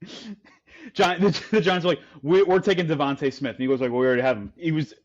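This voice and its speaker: A man's voice: a little high, fairly quick, highs cut off. A man co-hosting a casual podcast, telling a story with lots of restarts and fillers. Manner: rambling storyteller with many restarts. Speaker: podcast co-host. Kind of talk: casual chat.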